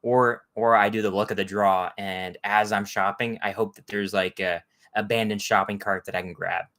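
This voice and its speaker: Hosting a casual livestream, a man from Texas rambles in live chat with viewers, greeting them by name. His voice is lowish and fairly bright, with a steady tone and moderate pace.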